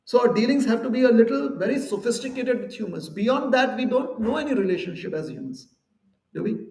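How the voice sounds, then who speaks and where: Gravelly man lecturing in an echoey hall. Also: very high-pitched, animated, fairly quick, darkish tone, recorded from a distance. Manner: conversational, explains with everyday examples and acted-out quotes. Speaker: temple speaker. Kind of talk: devotional lecture.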